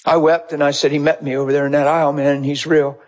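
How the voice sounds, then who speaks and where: A man's voice: fairly high pitch, flat delivery, quick pace. A man preaching as a pastor, telling a personal story and acting out both sides of the conversation. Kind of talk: sermon testimony storytelling.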